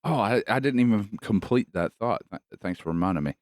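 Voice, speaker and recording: A low, smooth male voice, swearing freely as he spins animated stories in relaxed podcast chat. The sound is close and dry. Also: fairly quick, no room sound. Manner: profane, animated storytelling. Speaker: podcast co-host. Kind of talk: casual chat.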